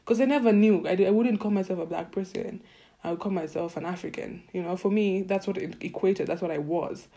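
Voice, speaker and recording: Mellow-voiced Kenyan woman telling stories. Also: lowish voice, fairly quick. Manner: animated, acts out her own reactions in quotes. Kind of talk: casual storytelling.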